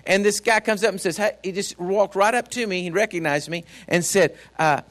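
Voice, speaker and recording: A man's voice: high voice, brisk, hardly any pauses, fairly bright tone. A man preaching a sermon as a pastor, folksy and storytelling, speaking directly to his congregation. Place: church.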